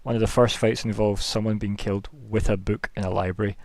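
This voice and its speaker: Low-voiced game master. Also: male voice, flat delivery, quick pace, darkish tone, dry recording. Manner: rambling, chatty, many fillers. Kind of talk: narrating a tabletop game.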